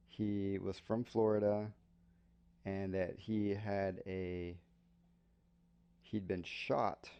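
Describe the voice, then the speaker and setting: A man's voice: fairly low pitch, creaky, darkish tone. An American man hosting an English-learning podcast, telling a casual story and stopping to explain slang for learners.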